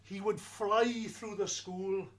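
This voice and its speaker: Slow, wry storyteller man. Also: high voice, steady tone, a bit bright. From Wales. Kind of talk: first-person storytelling performance.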